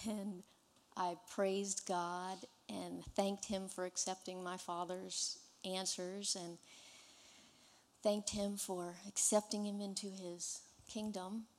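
A woman giving an earnest personal testimony in church, telling her story in an unhurried way. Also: fairly low pitch, big-room sound.

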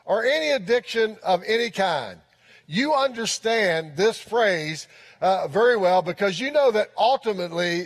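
A man preaching a sermon as pastor, earnest and repeating his key phrases for emphasis. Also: high voice. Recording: long reverb of a large hall.

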